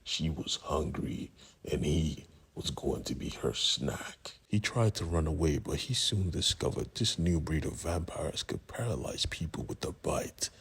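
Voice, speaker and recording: Guy casually retelling a comic, super deep raspy voice, chatty asides. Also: animated, measured pace, a bit bright. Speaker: comic recap narrator.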